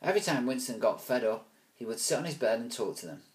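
A man reading a children's book aloud, with relaxed, chatty asides. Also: mid-range voice, fast talker. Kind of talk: casual read-aloud storytelling.

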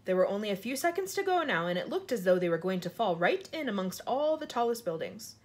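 A woman reading a children's book aloud, with expressive, dramatic storytelling. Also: mid-range voice, quick pace. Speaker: storybook reader.

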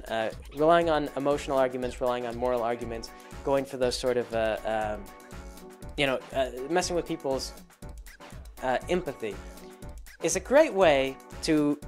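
A man hosting a casual monologue, rambling through an explanation with many fillers and restarts. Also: medium pitch. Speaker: host.

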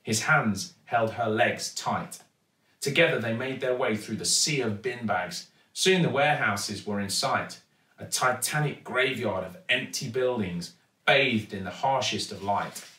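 A man with an English accent reading a children's storybook aloud with steady, expressive storytelling. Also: mid-range voice, unhurried, distant mic. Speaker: actor reading a children's book. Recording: echoey room, voice from off-mic.

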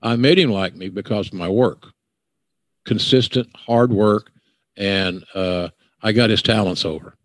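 A man's voice: lowish voice, measured pace, dry recording. Blunt older Southern man ranting. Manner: blunt, gruff, profane ranting. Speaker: podcast host. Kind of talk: casual podcast chat.

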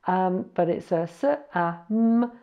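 This language learner is animated as she teaches foreign words, her lowish voice chatty while she slowly spells them out and corrects herself. The recording is muffled.

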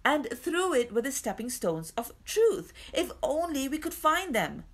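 A sharp-tongued woman traveller in a storybook , voiced by the narrator. Her voice is pitched well above the narrator's and swings widely as she scolds. It comes out loud and insistent. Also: very animated, unhurried, full character voice. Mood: urgent. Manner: scolding, urgent. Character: stern scolding female traveller.

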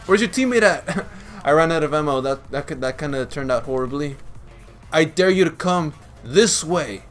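A man giving playful, teasing commentary over his own gameplay, laughing often and breaking into excited yells. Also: a little high, normal speed, faint music behind.

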